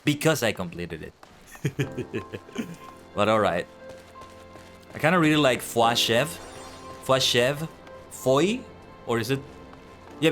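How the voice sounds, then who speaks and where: A man streams himself playing a game, offering casual commentary that rambles in a self-deprecating way. His voice is medium-pitched and a bit bright.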